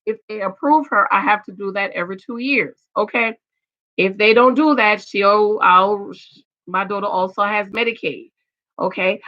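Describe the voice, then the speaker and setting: A middle-aged woman giving loud, emphatic casual commentary on a reality show and reading viewer comments. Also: mid-range voice, moderate pace, highs cut off. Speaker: vlogger reviewing a reality show.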